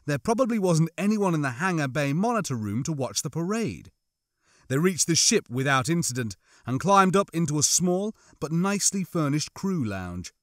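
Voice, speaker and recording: Guy reading a sci-fi audiobook, kinda high voice, super bouncy delivery. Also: dry recording, studio quality. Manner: lively storytelling with shifting character voices. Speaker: audiobook narrator. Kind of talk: scripted narration.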